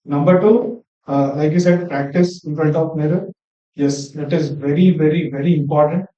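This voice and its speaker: A man's voice: on the high side, steady tone, moderate pace, dark tone. A young man joining a workshop to share public speaking tips, hesitant and full of fillers. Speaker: workshop participant. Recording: dull, roomy sound from far off the mic.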